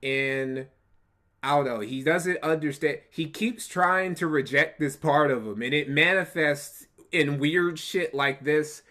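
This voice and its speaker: A man's voice: a little high, a little slow, bright, forceful tone. Mocking, foul-mouthed male streamer. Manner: profane, mocking, repeats himself for emphasis. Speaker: streamer reacting to clips. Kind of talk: casual live-stream commentary.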